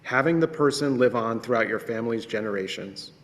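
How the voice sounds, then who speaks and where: A man's voice: medium pitch, brisk. A young man reading a personal remembrance at a ceremony, earnest and reflective. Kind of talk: personal testimony read aloud. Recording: reverberant hall.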